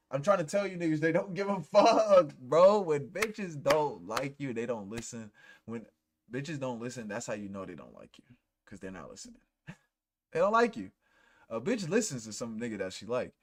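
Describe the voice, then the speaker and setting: A man hosting a reaction show, ranting bluntly and mocking what he watches. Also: medium pitch. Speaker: podcast host reacting to clips. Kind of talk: profane reaction commentary.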